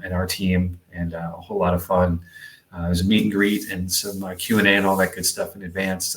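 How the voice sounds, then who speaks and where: A man co-hosts a podcast, his deep, slightly bright voice sounding roomy. The talk is casual and chatty, wandering along and packed with filler words.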